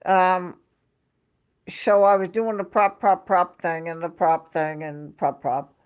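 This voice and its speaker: A woman's voice: lowish voice, steady tone, slow, clear, resonant tone, muffled recording. Woman livestream host at home, rambling chatty storyteller, answers her viewers. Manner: rambling, chatty storytelling, reading out chat names. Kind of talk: casual livestream chat.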